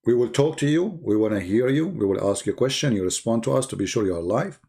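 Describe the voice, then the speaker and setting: A man's voice: medium pitch, animated, fast talker, creaky, mellow, slightly rough. A man hosting a live stream, talking in sarcastic, mocking rants in non-native English and arguing as if he were his opponents.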